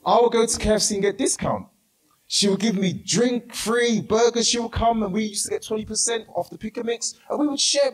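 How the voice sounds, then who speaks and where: London pastor, man in his forties, high voice, storytelling sermon full of "hallelujah". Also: rough recording. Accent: London English. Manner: emphatic repetition, sometimes shouting. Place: church hall.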